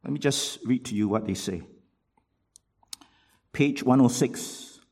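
Emphatic, husky-voiced male preacher. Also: slow. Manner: emphatic, swings from loud rhetorical questions to low asides; reads quotations aloud from books. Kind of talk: sermon.

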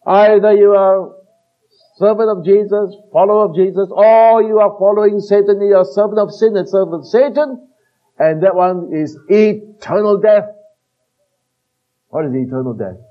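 A man preaching a sermon, earnest and emphatic, slowing down to quote scripture and trailing off softly at the ends of phrases. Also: high-pitched. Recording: tinny phone-like band-limited recording.

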